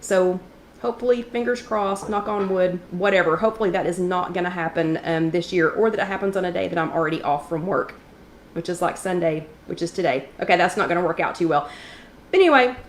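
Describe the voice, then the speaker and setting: A woman hosting a casual livestream chat, greeting viewers by name and clearing her throat from allergies. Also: fairly low pitch, brisk, echoey room, slight background noise. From East Tennessee. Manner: chatty, greets viewers by name between remarks. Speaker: host of a live wellness chat.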